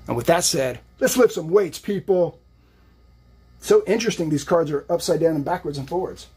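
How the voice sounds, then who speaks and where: A man's voice: a little high, moderate pace, a little mellow, husky. A man giving a casual, motivational live-stream tarot reading while lifting weights, rambling and upbeat. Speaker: psychic and fitness streamer.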